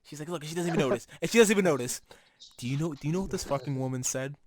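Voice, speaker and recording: A young man co-hosting a casual podcast, telling stories in a lively way, laughing and swearing often. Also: fairly high pitch, rapid-fire. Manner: animated storytelling, swears often, laughs a lot. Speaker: podcast co-host.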